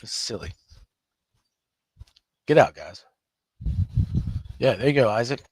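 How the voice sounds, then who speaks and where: A man's voice: mid-range voice, lively intonation, takes it slowly, husky, no echo. A man hosting a live trading room, talking emphatically to his viewers, scolding them and laughing often.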